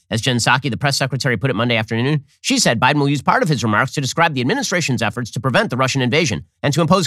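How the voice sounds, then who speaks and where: Fast-talking sarcastic male political host. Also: medium pitch, fairly bright tone, no room sound, clean studio sound. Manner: sarcastic, combative, rapid-fire delivery. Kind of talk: rapid political commentary, reading news excerpts and mocking them.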